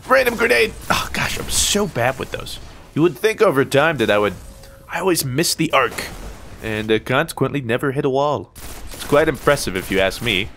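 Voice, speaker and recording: A man's voice: medium pitch, moderate pace, gravelly. An American man talks over a shooter game he is playing, swinging his voice up and down and breaking into yelps when a fight starts. He trash-talks opponents in a playful, joking way. There is faint background noise with clicks under his voice. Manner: excitable, yelps and exclaims during fights. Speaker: gaming YouTuber. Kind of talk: casual gameplay commentary.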